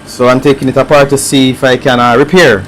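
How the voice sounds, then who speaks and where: A man with a Jamaican accent talks loosely through a repair on a live stream, answering viewers and musing as he works. His voice sits at an ordinary middle pitch. A faint hum stays in the background. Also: flat delivery, fast talker, low-quality recording. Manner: chatty, reads viewer comments aloud, thinks out loud. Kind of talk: casual live-stream chat while working.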